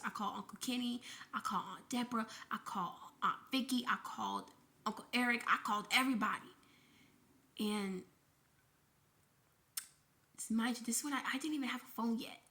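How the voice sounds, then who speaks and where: A woman's voice: on the high side, a little fast, sharp tone. A woman vlogger telling an emotional personal story, shaken and grieving, in a breathless retelling with frequent swearing.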